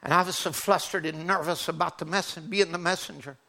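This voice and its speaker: A man's voice: a little high, fairly even intonation, brisk, creaky, bright, forceful tone. A man preaching a sermon, telling a personal testimony in an earnest, fervent way. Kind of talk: sermon storytelling.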